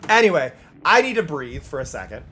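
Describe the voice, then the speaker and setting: A streamer from the United States talking live over gameplay, emphatic and worked up, repeating key points, at other times reading game text aloud in a playful, mocking way. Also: male voice, on the high side, sing-song, fairly quick, sharp tone, a little hiss or hum. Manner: heated ranting, emphatic repetition.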